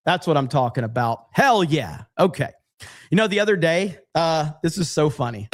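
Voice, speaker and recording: A man's voice: on the high side, animated, normal speed. A man hosting a casual livestream, rambling sarcastically and reading out chat messages. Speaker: livestream host.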